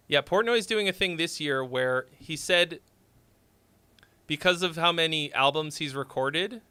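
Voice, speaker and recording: A man's voice: fairly high pitch, sharp tone, clear, resonant tone, no room sound. A man hosting a livestream where he reviews listeners' songs, talking in a casual, rambling, offhand way. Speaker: music critic streaming live song reviews.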